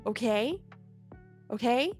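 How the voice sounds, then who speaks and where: A woman voicing a drowsy, caring young woman who gently coaxes her friends to wait, in a tabletop role-play game. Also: fairly high pitch, animated, takes it slowly, breathy edge, faint music behind, heavily acted. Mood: soothing.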